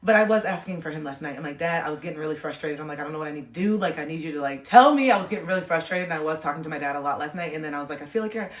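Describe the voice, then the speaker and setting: A woman's voice: deep voice, rapid-fire, hardly any pauses, recorded from a distance. A woman hosting a casual livestream, rambling and confiding, full of "like" fillers. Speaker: livestream host. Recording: echoey room, voice a bit off-mic.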